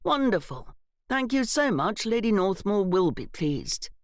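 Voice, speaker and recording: A woman doing a mild young gentleman. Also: medium pitch, very animated, a little slow, no room sound, clean studio sound. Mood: polite. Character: young aristocratic gentleman, thoughtful.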